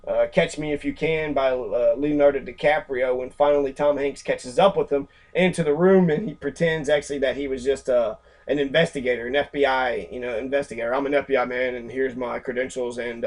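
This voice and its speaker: A man's voice: mid-range voice, normal speed, darkish tone. A man reading a book passage aloud and commenting on it casually, rambling and swearing, with many fillers. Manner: acts out quoted characters in brief voices.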